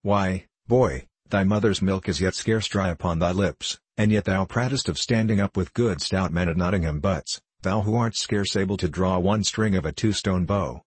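A man's voice: low-pitched, moderate pace, few pauses, breathy edge, no echo. A man voicing a scoffing male forester with ale in hand, jeering in old-fashioned speech.

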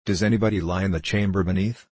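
A man reading the part of a pious, dutiful young princess in a measured, solemn way, with a husky voice. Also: sits low, fairly even intonation, a little mellow, no echo. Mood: grave.

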